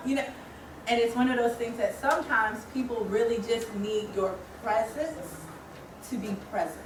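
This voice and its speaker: Woman facilitator, interactive training talk, slightly high pitch, distant mic. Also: moderate pace. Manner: engaging, often checks in with "right?". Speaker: workshop facilitator. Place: training room. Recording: echoey room, distant mic, faint noise.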